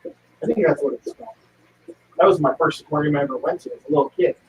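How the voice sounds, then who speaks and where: High male voice, curious; echoey, far-off dull line. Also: expressive, quick pace, a little hiss or hum. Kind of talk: casual chat. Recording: distant, echoey, dull mic.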